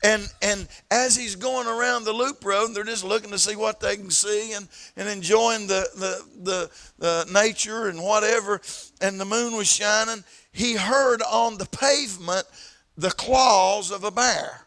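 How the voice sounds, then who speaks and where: A man preaching with a Southern East Tennessee accent, his voice high and ringing bright. He tells stories from the pulpit, repeating himself as he builds up and stretching out the words he wants to land. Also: measured pace. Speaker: pastor. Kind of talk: sermon. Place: church sanctuary.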